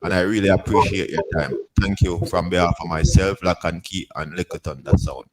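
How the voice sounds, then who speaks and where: A man with a Jamaican accent hosting an interview show in a laid-back, casual way, giving shout-outs. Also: sits low, fairly quick, a crowd in the background. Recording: hip hop music playing behind.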